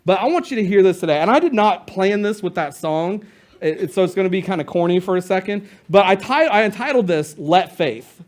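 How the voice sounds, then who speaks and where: A man's voice: high-pitched, expressive, a little fast. A male pastor preaching a sermon to his church in a casual, conversational way, retelling stories with playful asides.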